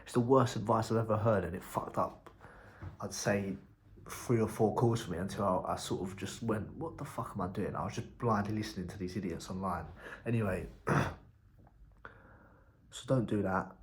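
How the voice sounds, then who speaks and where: Brief: young entrepreneur, low-ish voice, loose rambling vlog talk, blunt with casual swearing. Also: male voice, fairly even intonation, moderate pace, a little hiss or hum. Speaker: entrepreneur vlogger.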